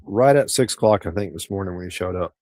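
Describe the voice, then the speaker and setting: Brief: middle-aged male streamer, rambling, easygoing chat, deeper voice. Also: animated, fast, dark tone, no echo. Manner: rambling, easygoing, with frequent restarts. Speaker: livestream host. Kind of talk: casual livestream chat answering viewer comments.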